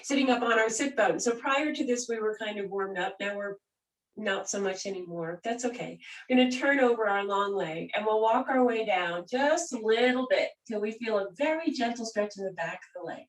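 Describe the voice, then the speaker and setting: A woman teaching a gentle yoga and breathing class, guiding calmly and softly. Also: mid-range voice, moderate pace. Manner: calm, gentle, soothing guidance. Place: room where she does yoga on a mat. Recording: roomy sound from a distant mic.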